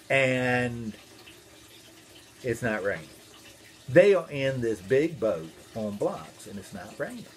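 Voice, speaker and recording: Animated minister telling a children's story. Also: male voice, mid-range voice. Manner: playful and animated, asks the listeners questions.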